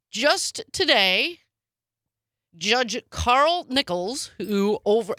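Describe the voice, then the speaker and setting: A woman co-hosting a casual news chat, sarcastic and quick with asides. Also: medium pitch, fairly bright tone, no echo, studio quality. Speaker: podcast co-host.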